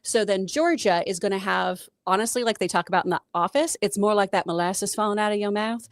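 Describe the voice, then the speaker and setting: A woman co-hosting a live talk show, explaining things clearly and in a teacherly way. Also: mid-range voice, fairly quick, no echo, clean studio sound. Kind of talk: casual chat.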